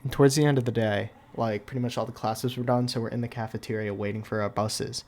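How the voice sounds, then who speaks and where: Here a young storytime YouTuber talks fast, his medium-pitched voice a little mellow and his intonation fairly even. The story meanders casually, packed with constant "like" and peppered with offhand, wry remarks.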